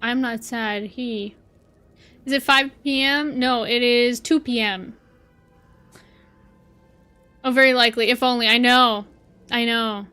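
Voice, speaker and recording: A woman with a high, lively voice chats her way through a game livestream. Her tone is bright and forward, and she rambles from one thought to the next while answering viewers aloud. The talk stays loose and casual. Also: slow pace, pauses often, clean tone, faint music behind. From Canada. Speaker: streamer.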